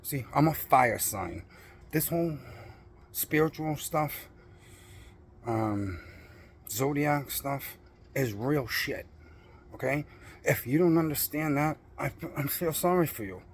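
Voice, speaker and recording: A man's voice: fairly high pitch, expressive, slow, pauses often, slight background noise. A middle-aged man in a blunt, profane personal rant, defiant and boastful about his principles. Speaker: vlogger.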